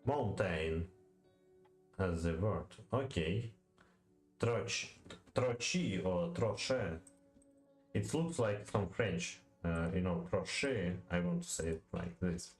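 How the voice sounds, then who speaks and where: A man with a Russian accent reads poetry lesson notes aloud and thinks aloud, halting often with fillers and repeating words to practice saying them. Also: sits low, a little mellow, echoey room, soft background music. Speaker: language learner studying poetry. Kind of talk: reading aloud and thinking aloud while studying.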